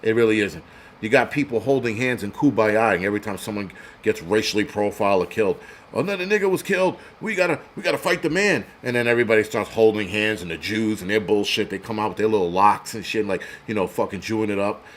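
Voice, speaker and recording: A man's voice: fairly low pitch, steady tone, quick pace, slight background noise. A man hosting a livestream, ranting bluntly and profanely with lots of fillers. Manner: blunt, profane, swaggering rant with many fillers. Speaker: host.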